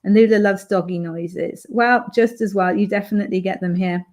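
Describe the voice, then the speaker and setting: A woman from Britain hosts a home live stream, her medium-pitched voice darkish in tone, fairly even in intonation and moderate in pace. Casual chatter and viewer comments read aloud make up her talk, with plenty of fillers.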